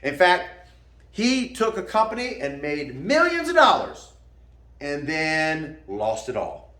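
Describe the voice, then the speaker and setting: A man's voice: fairly high pitch, huge pitch swings, takes it slowly, pushed and bright, reverberant. A man who teaches martial arts, giving a folksy motivational talk, calling the listener "man" and laughing at his own jokes.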